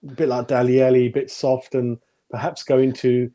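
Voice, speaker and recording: A man's voice: mid-range voice, little pitch movement, fairly quick, a crowd in the background. A man giving blunt, opinionated football ratings in a casual podcast chat, chuckling at his own jokes. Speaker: football pundit.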